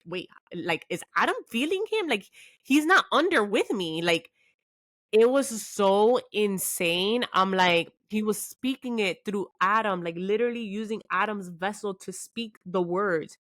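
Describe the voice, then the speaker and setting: A woman co-hosting a podcast, telling a story in a lively way and saying "like" a lot. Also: mid-range voice, dry recording. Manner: animated storytelling, says "like" a lot. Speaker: podcast co-host. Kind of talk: casual chat.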